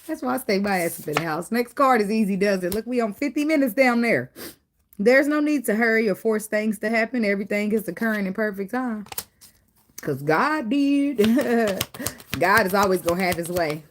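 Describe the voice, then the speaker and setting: A woman giving a casual spiritual tarot reading, swearing freely and jumping into high acted quotes. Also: moderate pace, a little hiss or hum. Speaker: tarot reader.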